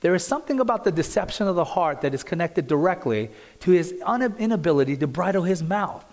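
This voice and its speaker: A man in his forties preaching a sermon in a church, conversational and animated, full of asides and rhetorical questions. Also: high-pitched, quick pace. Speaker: pastor. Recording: long hall reverb.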